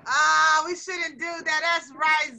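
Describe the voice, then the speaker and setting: A woman teaches young children in a high, bright, forceful voice. She coaxes them with question after question and acts things out as she goes. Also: slow pace. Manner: expressive, coaxing, asks children questions. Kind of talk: classroom lesson with young children.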